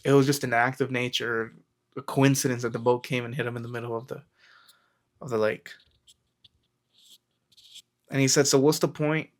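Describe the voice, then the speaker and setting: A man's voice: mid-range voice, level tone, moderate pace, pauses often. Casual rambling male self-help vlogger. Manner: rambling, storytelling, acts out quotes, frequent fillers. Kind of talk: casual motivational talk to camera.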